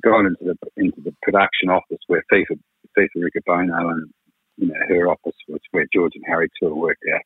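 A record producer spins long, frank anecdotes in a radio chat, leaning on "you know". His voice sits low with a husky grain. It comes through dry and tinny, like a phone line. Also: flat delivery, a little fast, no room sound. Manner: rambling, frank, peppered with "you know" and swearing. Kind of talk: radio interview storytelling.

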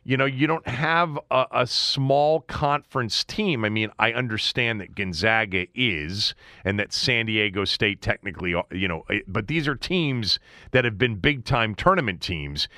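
A man hosts a casual sports betting talk, his voice bright and forceful. He speaks loosely, with fillers and restarts, into a close, dry mic. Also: mid-range voice, no room sound. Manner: conversational, frequent fillers and restarts. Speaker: sports betting show host.

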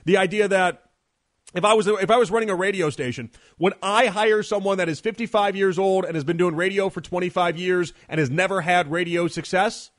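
A man's voice: sits high, fairly quick. A man hosting a sports radio show, delivering an emphatic, argumentative monologue and repeating phrases for effect. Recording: radio broadcast.

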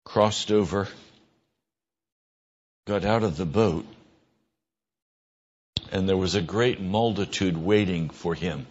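A man preaching a sermon in an earnest voice, his pitch rising when he stresses a point or acts out a quick exchange. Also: a little mellow, muffled recording. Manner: earnest, rises in pitch for emphasis and mimicked dialogue.

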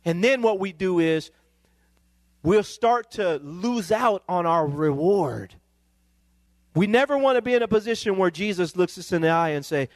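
A male pastor, preaching a sermon that climbs into emphatic, excited peaks. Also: high voice, normal speed, dry recording.

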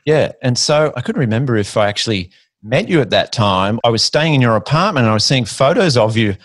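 A man's voice: medium pitch, animated, brisk, no echo, studio quality. A middle-aged Australian man hosting a casual interview, friendly and calling his guest "mate". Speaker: podcast host.

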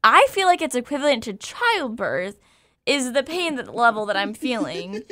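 A woman host telling a personal story in casual chat, candid and animated, laughing as she goes. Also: a little high, normal speed, no echo, clean studio sound.

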